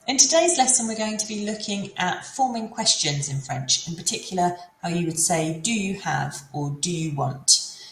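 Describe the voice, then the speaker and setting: Woman, mid-pitched teacher, patient and repetitive explainer, roomy recording with light background ambience. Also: lively intonation, normal speed, fairly bright tone, slight background noise. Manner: patient, repeats and models French phrases. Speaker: French teacher. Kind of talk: explanatory language lesson. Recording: echoey room, faint ambience.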